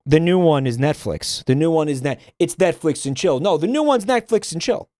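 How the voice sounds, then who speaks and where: A man's voice: on the high side, lively intonation, fairly quick, mellow, no echo. Blunt, foul-mouthed male streamer. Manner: blunt, profane ranting. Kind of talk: casual livestream commentary.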